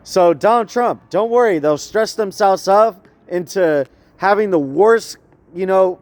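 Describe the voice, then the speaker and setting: A man's voice: high-pitched, unhurried, a little mellow, no room sound. A man vlogging in a rambling, casual monologue, tagging his lines with "eh?" and laughing often.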